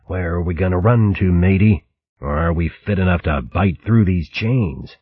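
A weary, cynical otter chained at the oars of a storybook galley, as a man puts him on. He scoffs wryly in a deep, husky voice. The recording is dry and a touch dull. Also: normal speed, no room sound. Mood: scoffing. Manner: wry, scoffing.

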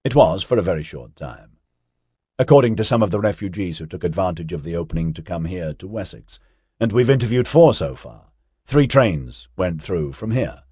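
A man's voice: low-pitched, expressive, moderate pace, warm tone, slightly rough, dry recording, studio quality. A man reading a pushy, mocking male news interviewer in an audiobook, firing probing questions. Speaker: journalist.

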